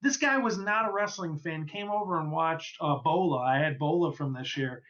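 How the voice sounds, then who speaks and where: A man's voice: on the high side, moderate pace, fairly bright tone, lo-fi sound. A man co-hosting a casual podcast, telling rambling stories and swearing casually. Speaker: podcast co-host.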